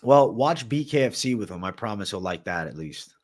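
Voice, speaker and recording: Brisk and animated, this man's voice runs on the low side as he hosts a laid-back livestream. Originally from Massachusetts but raised in Florida, he speaks with a Boston accent, swears liberally, calls everyone "bro," and reads and responds to chat.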